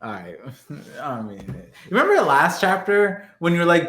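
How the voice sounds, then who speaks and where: A man's voice: on the high side, very animated, moderate pace, fairly bright tone. Laughing man in a roomy podcast room. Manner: jokey, laughs often, crude banter. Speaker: podcast co-host. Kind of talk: casual chat. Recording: roomy echo.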